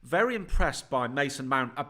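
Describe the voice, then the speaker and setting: Easygoing middle-aged co-host. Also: male voice, mid-range voice, expressive, moderate pace, pushed and bright. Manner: easygoing, reads viewer chat aloud. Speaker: co-host, streamer's father. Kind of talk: live football reaction stream.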